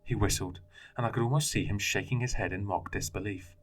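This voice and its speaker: A man narrating a first-person horror story in a measured, dramatic way. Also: on the low side. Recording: faint music bed.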